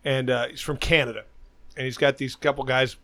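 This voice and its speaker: In an echo-free recording, a middle-aged podcast host tells a long, rambling story full of curse words in a casual chat. His medium-pitched voice is bright and steady in tone, a little fast, and forceful.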